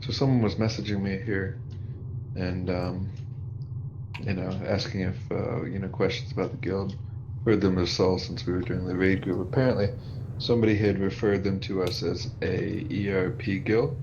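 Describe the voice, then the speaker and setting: A man with a fairly low voice chats casually over a headset during a game raid, rambling and full of fillers. The recording carries a clear hiss of noise. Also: level tone, normal speed, lo-fi sound. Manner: rambling, hesitant, with many fillers. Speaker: raid group member and streamer. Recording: noisy.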